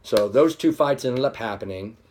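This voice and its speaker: A man's voice: mid-range voice, expressive, moderate pace, a little mellow, slight background noise. A man giving casual, rambling commentary on fight news, full of asides and loose tangents. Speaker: MMA commentary vlogger.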